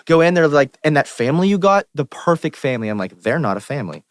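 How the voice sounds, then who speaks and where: A young man with a Pittsburgh accent, a musician guest telling stories on a podcast in an animated, profane way and acting out the people he quotes. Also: fairly high pitch, fast talker, no room sound. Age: young adult. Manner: animated, profane, quotes himself and others in lively asides. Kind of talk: casual podcast storytelling. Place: podcast studio.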